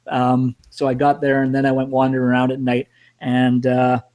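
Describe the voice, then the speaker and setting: A man's voice: medium pitch, monotone, normal speed, a little mellow. A middle-aged man casually telling a rambling, self-mocking travel story with some cursing. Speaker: storyteller host.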